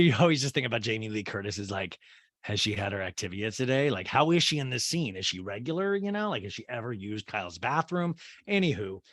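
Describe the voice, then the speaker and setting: A man's voice: on the low side, no echo. A man hosting a podcast, recapping a reality TV episode in a casual, rambling way, swearing and joking as he goes. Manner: animated, rambling, swearing and laughing. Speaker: podcast host.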